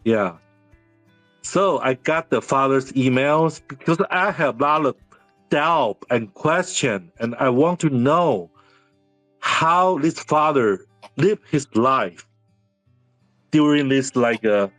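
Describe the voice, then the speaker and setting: A man in his fifties whose first language is Mandarin, a series director telling personal stories in halting English with many restarts. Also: mid-range voice, lively intonation, fairly bright tone, no echo, faint music behind. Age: 50s. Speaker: series director, interview guest. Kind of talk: candid interview storytelling.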